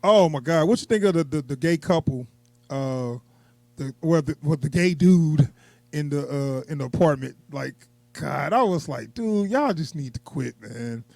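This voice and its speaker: A man co-hosting a casual movie review chat, animated and laughing often, acting out quotes from the film in a raised voice. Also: on the high side, moderate pace, vocal fry, no echo.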